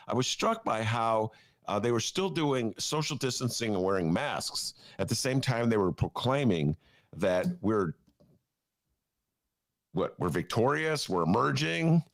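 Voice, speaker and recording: A man co-hosting a podcast in casual chat, rambling and animated, laughing often. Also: mid-range voice. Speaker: podcast co-host.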